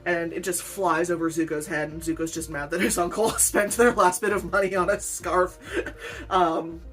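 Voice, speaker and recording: A woman's voice: lowish voice, steady tone, moderate pace, a bit bright, soft background music. A woman weaver chatting in a rambling, self-deprecating way during a casual unboxing vlog, laughing often. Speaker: weaver, channel host.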